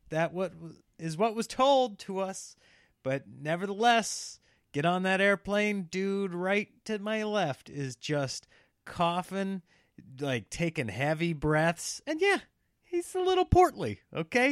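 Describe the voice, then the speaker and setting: A man in his thirties telling a story in casual chat, animated and slipping into the voices of people in it. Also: high-pitched, clean tone, no room sound, clean studio sound.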